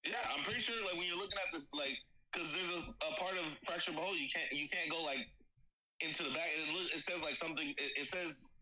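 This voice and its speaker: A man's voice: a little high, fast talker, sharp tone, poor audio. A man co-hosting a casual podcast chat, rambling with lots of fillers and frequent laughter. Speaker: podcast co-host.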